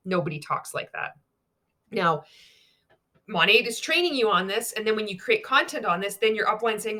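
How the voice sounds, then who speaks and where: Woman, vlogger, candid monologue; blunt, profane, mocking delivery at mid pitch. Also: animated, normal speed, pushed and bright. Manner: blunt and sweary, reads training text aloud mockingly. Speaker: former network marketer turned critic.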